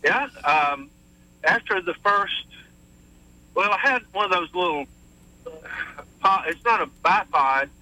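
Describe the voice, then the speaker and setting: A man's voice: high voice, expressive, measured pace, pauses often, sharp tone, low-quality recording. A middle-aged man calling in to a radio show, upbeat and rambling with many fillers. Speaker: caller. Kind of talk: casual call-in chat.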